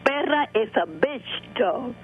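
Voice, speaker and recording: A woman's voice: a little high, animated, takes it slowly, slight background noise. A woman in her seventies from Tampa calling in to a radio show, blunt and indignant, repeating her points. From Tampa, Florida. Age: 70s. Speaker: caller. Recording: tinny phone line.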